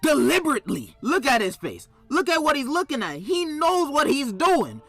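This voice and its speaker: A commentator narrating a comedy commentary video, sarcastic with sudden loud outbursts. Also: high-pitched, sing-song, moderate pace, music in the background.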